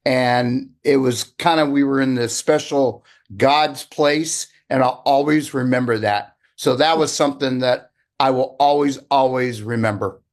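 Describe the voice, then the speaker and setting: A man's voice: medium pitch, a little slow, few pauses. A man on a group call earnestly sharing a heartfelt story. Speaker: call participant.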